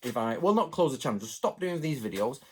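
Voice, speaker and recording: A man from England chatting to his viewers in a rambling, animated way, going off on asides. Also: mid-range voice, fast, husky. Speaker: channel host. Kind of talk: casual chat to camera.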